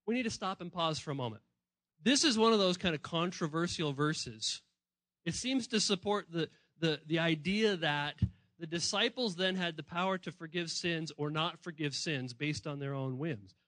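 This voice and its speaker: Male pastor, high and bright, conversational preacher who voices the people he quotes, dry close sound. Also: normal speed, no room sound, rough recording. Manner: swings between hushed and emphatic. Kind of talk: sermon.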